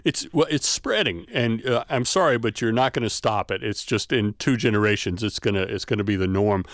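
A man's voice: fairly low pitch, a little fast, dry recording. Explanatory man with a dry sound. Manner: explanatory, with frequent "uh" fillers. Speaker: linguistics expert guest. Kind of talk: radio interview.

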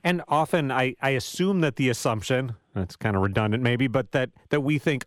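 A man's voice: medium pitch, normal speed, few pauses, dry recording. Male radio host, chatty and musing, trips over his words a bit, mid voice, dry close studio sound. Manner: conversational, musing, with hesitant restarts. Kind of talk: radio interview questions.

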